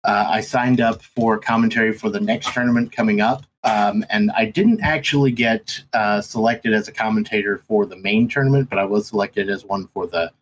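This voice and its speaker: A race commentator guesting on a podcast tells stories in casual chat, rambling with lots of ums and restarts. His voice is fairly low and moderately paced with few pauses, on a rough recording with slight background noise.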